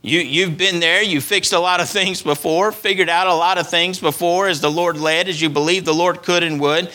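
A man's voice: high voice, steady tone, moderate pace, bright, forceful tone. A man preaching a sermon as pastor, repeating phrases for emphasis and letting his voice rise and fall. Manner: preaching with rising and falling emphasis.

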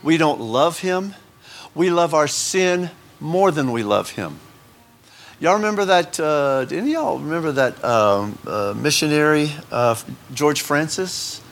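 A man gives a casual Bible lesson to a congregation in a conversational style, with jokes on the side and lots of fillers and restarts. His voice is a little high, expressive, creaky, and fairly bright, and his pace is measured.

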